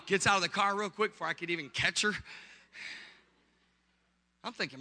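A pastor preaching with animated, punchy storytelling and comic timing. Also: male voice, high voice, fast, pauses often, long reverb tail. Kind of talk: storytelling sermon.

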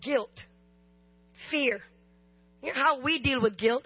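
Very high-voiced woman preaching, shouting at peaks. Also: breathy edge, dry recording. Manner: swings from chatty, joking asides to loud, slow shouting. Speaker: guest preacher. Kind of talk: sermon. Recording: slightly dull, dry sound.

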